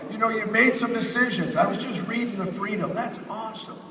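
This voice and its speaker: A man with a fairly high voice delivers an energetic motivational speech from a stage, rallying the audience with repeated lines. He sounds distant from the microphone, his words ringing through a large, echoing convention hall with a faint hum of room noise underneath. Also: a little fast. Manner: energetic, rallying the crowd with repetition. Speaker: motivational speaker at a company convention. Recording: echoey hall, picked up from far off.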